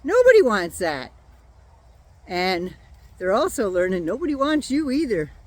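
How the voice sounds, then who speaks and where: An older woman vents in a casual, blunt monologue, sarcastic and quick to swear. Her pitch swings widely as she talks. She has a runny nose from a cold. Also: big pitch swings. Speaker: vlogger. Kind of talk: casual political rant.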